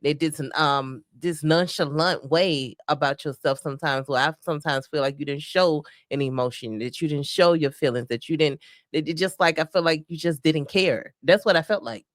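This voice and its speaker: A woman's voice: sits low, normal speed, no echo, clean studio sound. A woman from the Southern United States co-hosting a marriage podcast, speaking earnestly and openly about her feelings. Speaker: podcast co-host. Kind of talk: casual conversation with spouse.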